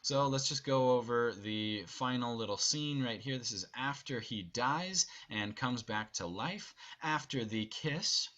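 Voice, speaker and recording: Bright-voiced man directing an online rehearsal. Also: medium pitch, lively intonation, unhurried. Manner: upbeat, instructive, briefly acts out lines. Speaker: theater director. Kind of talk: online rehearsal blocking instructions. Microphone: video call.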